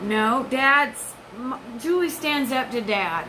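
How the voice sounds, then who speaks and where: A woman's voice: high-pitched, expressive, normal speed, pushed and bright, slight background noise, low-quality recording. A woman in her forties giving an intense, rambling, profane personal monologue. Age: 40s. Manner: intense, rambling, profane, jumps between topics.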